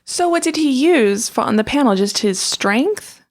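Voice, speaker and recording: A woman's voice: high voice, lively intonation, unhurried. A woman co-hosting a podcast, chatting casually, asking curious questions and laughing easily. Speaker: podcast co-host. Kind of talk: casual chat.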